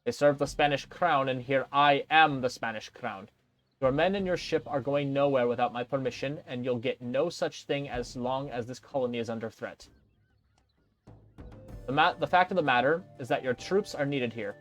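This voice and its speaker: A man's voice: mid-range voice, moderate pace, close to an everyday voice. A pompous colonial governor, as a man reads him out lectures and commands with cold condescension. He scolds and gives orders from behind his desk. Faint game music plays underneath. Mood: imperious.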